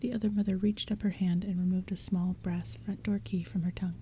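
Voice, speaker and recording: Whispered role-play: woman softly reading, dark tone. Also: medium pitch, level tone, a little hiss or hum. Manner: soft unvoiced whisper, slow and hushed. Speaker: ASMR audiobook reader. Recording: faint rain sounds behind. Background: soft rain and thunder.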